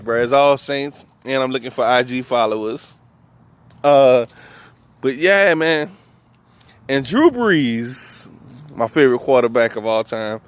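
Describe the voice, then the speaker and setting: A man from New Orleans with a New Orleans accent, telling loose, slangy comic stories and laughing between lines. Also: medium pitch. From New Orleans, USA. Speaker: comedian. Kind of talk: stand-up storytelling.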